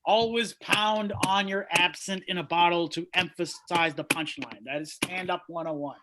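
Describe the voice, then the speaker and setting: A man doing a stand-up set from his bedroom into a laptop, ranting loudly in a crusty voice with sudden mumbled asides. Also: high-pitched, normal speed, very noisy. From Chicago suburbs, USA. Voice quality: crusty, shouty voice. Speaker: stand-up comedian. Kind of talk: stand-up set over video call. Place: childhood bedroom. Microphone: laptop mic.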